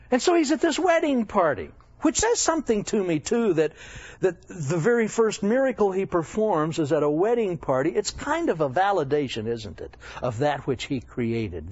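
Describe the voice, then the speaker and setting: A man's voice: fairly high pitch, no echo. A man preaching as a Bible teacher, telling stories with humor and self-deprecating asides. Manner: animated, self-deprecating, chuckling often. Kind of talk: humorous sermon storytelling. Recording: dull lo-fi dry recording.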